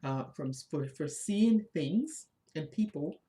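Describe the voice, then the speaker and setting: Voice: mid-range voice, lively intonation, takes it slowly, warm tone. Co-host, casual spiritual talk, emphatic, repetitive, preacher-like.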